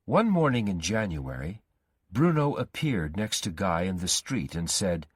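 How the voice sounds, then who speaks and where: Slow, low-voiced male storyteller. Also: very animated, breathy edge, no echo, clean studio sound. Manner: slow, careful reading. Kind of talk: graded-reader story narration.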